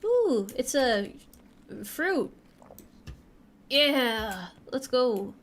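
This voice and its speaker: A woman's voice: high-pitched, sing-song, very slow. A young woman streaming a game, chatting casually with a playful, joking manner and casual swearing. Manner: playful, jokey, swears casually while playing.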